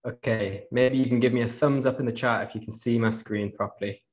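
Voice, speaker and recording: A man's voice: medium pitch, steady tone, brisk. A young man with a slight Geordie accent, presenting a casual live online talk from his desk and chatting with viewers. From England. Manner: chatty, greets the chat with fillers.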